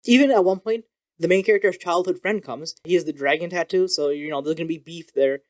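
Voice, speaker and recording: Casual male vlogger: rapid-fire, excitable, a touch higher than most men, curses casually. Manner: animated and excitable, swears casually. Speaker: video creator reviewing manga. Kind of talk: casual vlog review.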